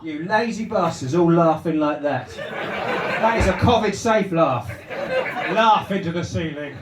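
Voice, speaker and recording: A man's voice: a little high, lively intonation, takes it slowly. A man doing stand-up crowd work, teasing the audience with rambling, stammering restarts in a live comedy club. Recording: echoey club, mic at a distance, loud noise.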